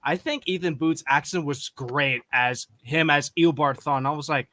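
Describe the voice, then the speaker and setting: A man's voice: on the high side, moderate pace, bright, forceful tone, dry recording. A young man hosting a reaction channel, chatting eagerly with slang. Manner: enthusiastic, slangy. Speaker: channel host. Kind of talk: casual reaction chat.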